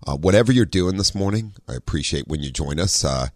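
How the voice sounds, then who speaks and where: Very deep-voiced laid-back radio host man. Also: brisk, no echo, studio quality. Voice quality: very low radio voice. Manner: relaxed, rambling, many ums and uhs, easy laugh. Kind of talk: casual talk radio chat. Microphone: studio microphone.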